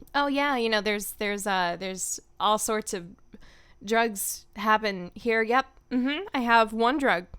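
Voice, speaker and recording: A woman's voice: a little high, takes it slowly, pauses often, fairly bright tone, smooth. A young woman, a voice actor, chatting casually on a home stream in a playful, rambling way with giggly asides.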